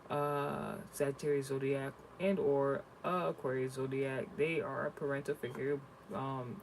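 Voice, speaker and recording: A man's voice: mid-range voice, slight background noise, poor audio. A man ranting in a casual, profane vlog, telling rambling stories and reading spiritual messages. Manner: blunt, cursing, rambling storytelling.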